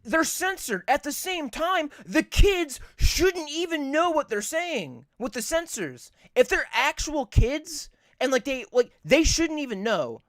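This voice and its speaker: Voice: sits high, sing-song, a little slow, dry recording, studio quality. A podcast co-host in casual chat, rambling and swearing a lot, repeating points for emphasis.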